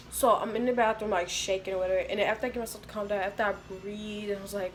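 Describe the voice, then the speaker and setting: A young woman telling a storytime to her viewers, animated and slangy. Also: medium pitch, very fast, few pauses, background noise. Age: young adult. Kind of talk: casual storytime.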